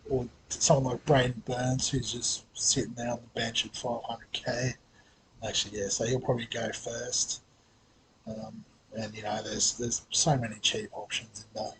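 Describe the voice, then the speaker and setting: A man's voice: mid-range voice, noisy background. A man with an Australian accent hosting a fantasy sports vlog, talking casually with lots of hesitations, fillers and restarts. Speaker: fantasy sports channel host.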